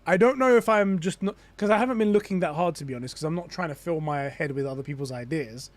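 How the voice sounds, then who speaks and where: Young guy streaming, bit high voice, rambles and restarts while he theorizes. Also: fast talker. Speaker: gaming streamer. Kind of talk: casual live-stream chat.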